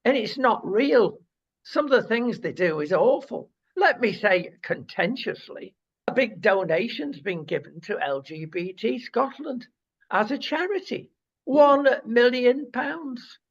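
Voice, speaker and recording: A man's voice: very high-pitched, expressive, measured pace, gravelly. A man giving forthright, provocative opinions in a casual discussion. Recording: dull lo-fi sound.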